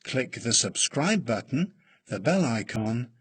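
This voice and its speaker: A man reading a lesson script aloud slowly and deliberately, with long pauses, as a reading teacher. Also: mid-range voice, big pitch swings, husky. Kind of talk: slow scripted read-aloud.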